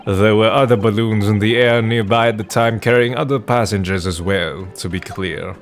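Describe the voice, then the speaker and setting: A man voicing a stern prosecutor with a mock German accent, giving a measured, formal courtroom delivery for a fan dub of a video game. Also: lowish voice, steady tone, soft background music, close to an everyday voice.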